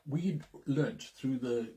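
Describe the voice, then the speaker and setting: A man's voice: medium pitch, slow, dark tone. A man with a Zimbabwean English accent, co-hosting a casual chat with his wife; earnest and reflective, with a dry sense of humour. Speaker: co-host, business partner.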